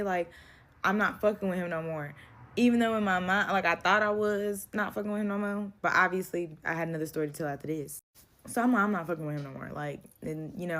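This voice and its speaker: Profane woman telling a storytime. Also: lowish voice. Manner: blunt, profane, animated retelling with quoted dialogue. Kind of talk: casual storytime vent.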